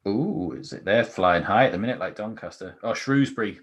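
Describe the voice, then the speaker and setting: A man's voice: lowish voice, animated, fairly quick. A young man, a guest in a casual football chat, easygoing and self-mocking. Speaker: guest, fan channel presenter.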